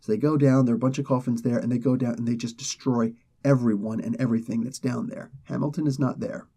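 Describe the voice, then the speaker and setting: Husky, mellow-voiced male comic reviewer. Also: mid-range voice, fast. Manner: excitable storyteller, many fillers and restarts. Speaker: comic book reviewer, host. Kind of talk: casual plot recap.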